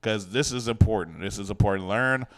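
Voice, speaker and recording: A man's voice: on the low side, a little fast, a bit bright. A man hosting a radio show, chatting casually and joking with his guests through a headset mic. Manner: playful, joking, laughs often. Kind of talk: casual on-air chat.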